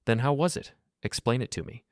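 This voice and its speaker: A man's voice: mid-range voice, fairly quick, no room sound, studio quality, pitched above the performer's own voice, close to an everyday voice. A man voicing a furious, betrayed middle-aged father who makes cold, cutting accusations. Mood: accusing.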